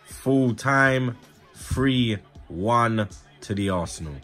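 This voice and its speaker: A young man giving slangy, excitable running commentary on a football video game. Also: mid-range voice, very slow, soft background music. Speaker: gaming YouTuber. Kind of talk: casual gaming commentary.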